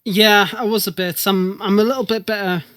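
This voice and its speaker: High-voiced man co-hosting a podcast. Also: steady tone, fairly quick, a bit bright, clean tone, no echo. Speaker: podcast co-host. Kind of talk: casual podcast chat.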